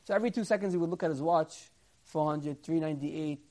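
A man teaching a Torah class to a live group, telling stories animatedly. He acts out the characters in a louder, higher voice, drops to quiet, low asides when explaining, and draws out key words slowly for emphasis.

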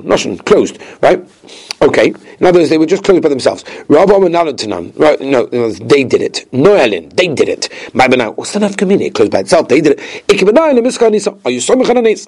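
A man giving a daily Talmud lesson, lecturing quickly and mixing Hebrew and Aramaic terms into his English. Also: a little high, a little mellow, slightly rough. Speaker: Talmud teacher.

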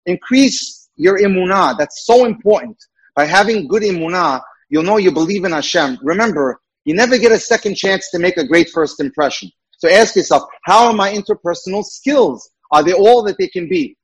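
Husky-voiced man teaching about dating. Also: high voice, low-quality recording. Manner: earnest, instructive, asks rhetorical questions. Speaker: dating mentor. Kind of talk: lecture.

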